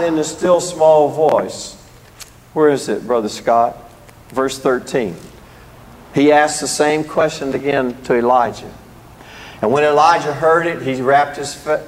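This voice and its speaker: A man preaching a sermon in an animated way, rising to emphatic peaks when he reads scripture, recorded in a church. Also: a little high. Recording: echoey hall.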